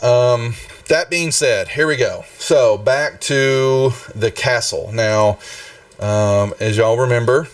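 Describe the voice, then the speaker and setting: A man's voice: mid-range voice, slow, no room sound, recorded from a distance. A man running a tabletop game on a live stream, rambling with many fillers and restarts. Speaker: game master.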